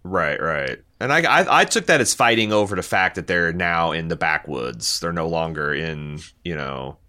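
A man's voice: low-pitched, normal speed. A man co-hosting a podcast, chatting casually and profanely, acting out bits of dialogue. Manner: animated, profane, acts out quotes. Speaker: podcast co-host.

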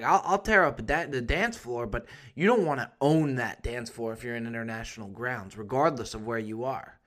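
A man's voice: medium pitch, pushed and bright. A man hosting a comedy podcast, telling crude, rambling, joking stories in a casual rant. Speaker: podcast host.

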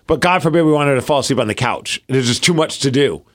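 A man's voice: mid-range voice, lively intonation, fast talker, a bit bright. A man in his thirties co-hosting a podcast in casual chat, acting out his toddler in his stories. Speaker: podcast co-host.

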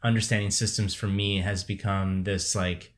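Deep, monotone man co-host, measured and thoughtful. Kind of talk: casual chat.

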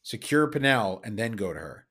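A man's voice: lowish voice, very animated, moderate pace, a bit bright. Guy at a tabletop game, matter-of-fact, talking through a plan. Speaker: player.

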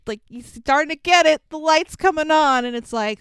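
A chatty woman gives her frank opinions on a film in relaxed podcast talk and laughs often. Her voice is very smooth and clear, a little high, and sits dry and close to the mic. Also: brisk, dry recording. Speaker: podcast co-host. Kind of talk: casual movie recap chat.

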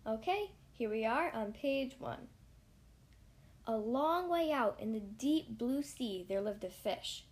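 A woman hosting a podcast, reading a children's picture book aloud with a lively, expressive delivery. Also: fairly high pitch, slow. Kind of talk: storybook read-aloud.

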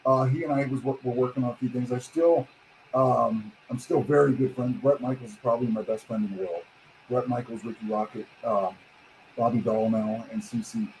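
A man's voice: medium pitch, brisk, slight background noise. Storytelling man in an echoey room. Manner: animated storyteller, acts out quotes, swears casually. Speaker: guest, pro wrestler. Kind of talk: casual interview chat.

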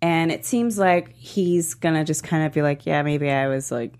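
A woman chatting casually as a podcast co-host, opinionated and animated, acting out quotes with laughs. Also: deep voice, normal speed. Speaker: podcast co-host discussing a TV show. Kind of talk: casual chat.

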